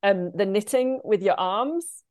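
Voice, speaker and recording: A woman's voice: mid-range voice, unhurried, darkish tone. A British woman in her forties, a guest chatting casually over a video call in a rambling way. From Great Britain. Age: 40s. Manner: rambling, chatty, wandering sentences.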